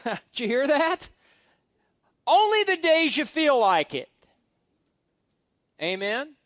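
A man's voice: extremely high pitch, sing-song, slow, fairly bright tone, dry recording. A middle-aged man preaching a sermon as pastor, reading scripture aloud with exuberant emphasis and folksy asides.

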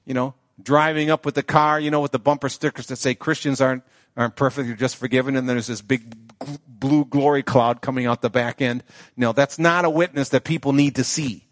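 A man's voice: mid-range voice, fairly even intonation, a little fast, no room sound, clean studio sound. A male pastor preaching a sermon in a conversational way, often checking in with the congregation. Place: church sanctuary.

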